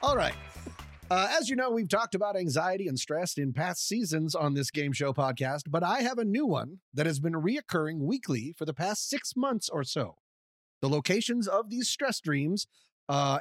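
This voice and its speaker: A man's voice: a little high, big pitch swings, moderate pace, no echo, studio quality, soft background music. A man co-hosting a podcast in casual chat, playful and laughing often, sometimes in a mock game-show announcer voice. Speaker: podcast co-host.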